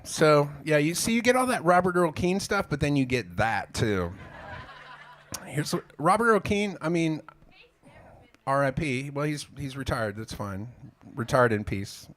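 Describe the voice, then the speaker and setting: This singer-songwriter's voice is a little high and fairly bright, with lively intonation and a measured pace. Chatting between songs in a small club, he spins a meandering, self-deprecating tale sprinkled with casual swearing.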